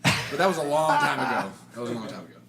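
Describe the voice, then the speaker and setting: A man co-hosting a live stream who drops dry, teasing asides. His pitch rises and falls a lot, which gives his short remarks plenty of lift. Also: lively intonation, fast talker, gravelly, fairly bright tone. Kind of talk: casual chat.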